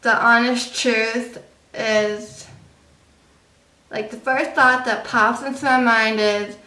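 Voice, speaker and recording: A young woman talks slowly and rambles through a casual vlog, her voice bright and slightly high. She confides in her viewers and leans on plenty of fillers. The sound is roomy and echoey, with the mic set back from her. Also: fairly even intonation. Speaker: vlogger. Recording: echoey room, distant mic.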